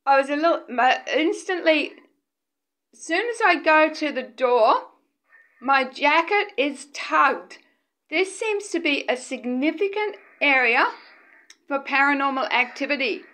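A woman investigating paranormal activity, talking softly to spirits in a hushed, breathless way. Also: sits high, animated, a little slow. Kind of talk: ghost-hunting vlog narration.

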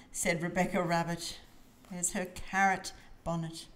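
A woman reading a children's storybook aloud in an expressive, sing-song manner. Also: on the low side, normal speed.

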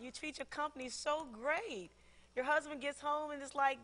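A middle-aged woman pastor preaches in a high, bright voice. She is animated, laughs often and acts out conversations. Her words ring with the long reverb of a large church hall. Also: normal speed. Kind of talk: sermon.

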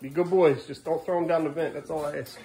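Playful dad in a noisy home video. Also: male voice, fairly even intonation, fast talker. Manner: playful, sing-song baby talk to the kids, often jumping up high. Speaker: father and vlogger. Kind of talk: casual home vlog talking to his young sons. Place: family home, kids' bedroom.

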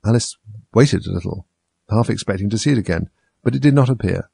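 A man narrating a classic storybook in an even, measured reading. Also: on the low side, creaky, husky, dry recording.

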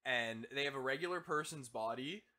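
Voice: medium pitch, a little fast, sharp tone. A person in casual podcast chat who talks animatedly and laughs often.

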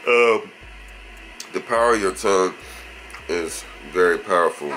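A young man vlogging casually at home, talking in relaxed slang and chatting to his baby son. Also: sits low, measured pace, pauses often, rough recording. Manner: laid-back slangy talk, chats to baby. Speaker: vlogger and new father.

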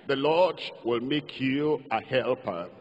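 A man's voice: medium pitch, slow pace, slightly rough. An older man with a Nigerian accent preaching a sermon, leading the congregation in call-and-response and sing-song declarations. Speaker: pastor. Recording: lo-fi hall recording.

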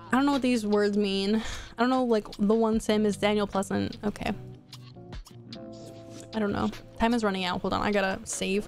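Woman streamer, casual gameplay chatter, excitable, fairly high voice, soft music behind. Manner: excitable, swears, quick exclamations.

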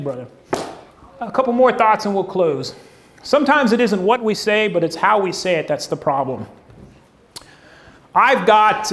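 A high-voiced man preaches a sermon in a folksy, joking way. He keeps turning to the congregation with questions and builds his points around props. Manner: folksy, humorous, asks the crowd questions. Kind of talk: sermon with object lessons. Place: church stage before a congregation.

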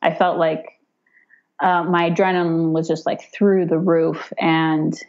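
A woman in her thirties tells a personal story in a relaxed, chatty way. Her voice sits a little low, and she often breaks into lively quoted voices. The audio sounds dull and lo-fi. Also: unhurried. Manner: animated, acts out quoted voices with raised pitch, frequent fillers and laughs. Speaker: podcast guest telling her birth story. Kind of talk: casual storytelling.

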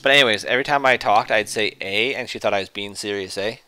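A man's voice: fairly low pitch, fast, bright, forceful tone, smooth. A young man, chatting casually while streaming a game and reading out chat. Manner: easygoing, joking, reading out chat. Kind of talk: casual live-stream chat over gameplay. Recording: noisy game audio behind voice.

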